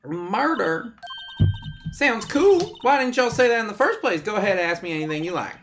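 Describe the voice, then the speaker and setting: A guy doing a brash southern country lady, twangy drawl, bouncy high voice jumping all over, faint music under it. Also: big pitch swings, normal speed, fairly bright tone, heavily acted. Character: brash loud Southern country woman photographer.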